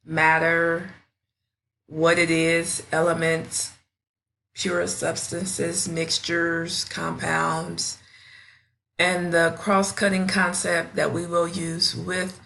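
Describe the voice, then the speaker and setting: A woman who teaches fifth grade, presenting a classroom science station in a deliberate, instructional way with small slips. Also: lowish voice, monotone, creaky, fairly bright tone.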